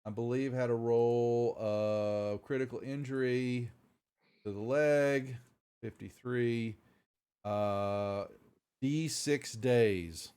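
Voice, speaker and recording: A man's voice: medium pitch, slow pace, a little mellow, clear, resonant tone. A man running a tabletop game as game master, narrating loosely with many fillers and restarts.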